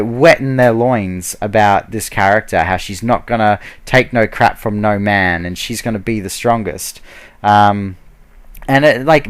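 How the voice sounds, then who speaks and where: A man's voice: fairly low pitch, fairly bright tone, smooth. A man giving a heated, casual ranting review, full of fillers and restarts. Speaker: video blogger.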